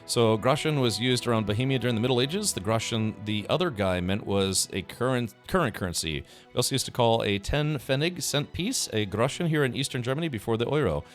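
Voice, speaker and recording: A man's voice: mid-range voice, lively intonation, fairly quick, few pauses. A man chatting casually while he streams a game, musing aloud with many fillers. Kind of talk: casual gameplay commentary. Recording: faint game music behind.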